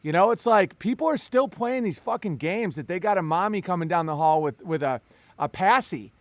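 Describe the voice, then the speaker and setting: A man's voice: high-pitched, no room sound. A man talking casually and animatedly on a podcast, cursing freely and joking between points. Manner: animated, profane, quick asides and jokes. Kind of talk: casual conversation.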